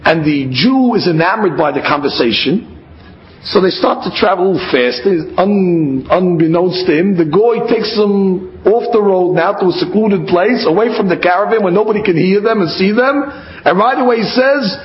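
A man, a religious teacher, telling stories in a sermon and acting out the quoted lines with lively shifts of voice. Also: sits high, normal speed. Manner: lively storyteller who acts out the quoted lines. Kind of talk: storytelling sermon. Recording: roomy, slightly dull recording.

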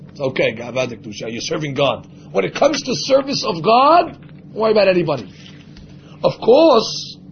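A man's voice: sits high, creaky, lo-fi sound, a little hiss or hum. A man teaching a religious class, speaking emphatically and acting out the voices of imagined people. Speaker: Torah teacher.

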